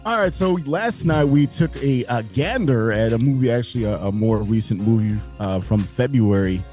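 A man's voice: mid-range voice, animated, normal speed, darkish tone, soft background music. A man co-hosting a podcast, easygoing and joking in casual chat. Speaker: podcast co-host. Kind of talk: casual chat, reading a movie summary.

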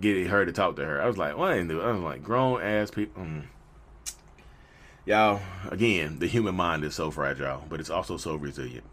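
A man talking straight to camera about saying no, animated and preachy, in slangy talk that keeps jumping into little acted-out skits. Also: sits low. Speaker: mental health vlogger. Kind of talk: casual direct-to-camera monologue.

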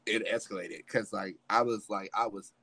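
A man's voice: fairly low pitch, fairly even intonation, moderate pace, bright, forceful tone, no echo. A young man telling a story in casual chat, dramatic and acting out every quote. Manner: dramatic, acts out the quotes, swears freely. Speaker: podcast co-host telling a story.

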